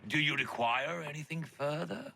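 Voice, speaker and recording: An actor with a Scottish accent playing a flustered, stammering tavern keeper in a video game. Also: male voice, on the high side, lively intonation, moderate pace, gravelly, pushed and bright, slight background noise, exaggerated voice. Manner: stammering, nervous.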